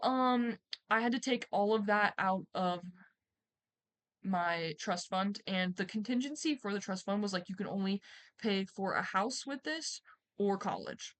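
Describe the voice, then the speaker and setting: Rambling young woman telling a story. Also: lowish voice. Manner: rambling, animated, swears, acts out quotes loudly. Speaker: streamer. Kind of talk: casual storytime.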